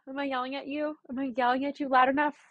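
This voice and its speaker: A young adult woman hosting her own podcast, talking in a chatty, blunt and animated way, with the odd swear word. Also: sits high, fast talker, muffled recording, slight background noise. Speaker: podcast host. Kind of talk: casual solo podcast monologue.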